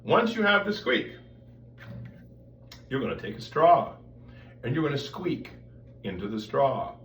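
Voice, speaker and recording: A man's voice: medium pitch, sing-song, measured pace, a bit bright. A man giving a voice lesson, explaining step by step and breaking off to demonstrate vocal sounds. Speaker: voice teacher. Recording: roomy sound, mic at a distance, faint background noise.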